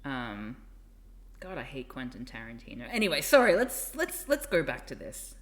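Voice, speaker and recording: A woman's voice: rumbling low, sing-song, normal speed. A woman streamer chatting casually and rambling with asides. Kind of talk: casual live-stream chat.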